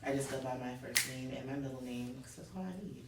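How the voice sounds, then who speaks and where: A woman guest chatting casually on a podcast, talkative and quick to laugh, recorded from a distance in an echoey room. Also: very deep voice, slight background noise. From born overseas, raised in England. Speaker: guest actress.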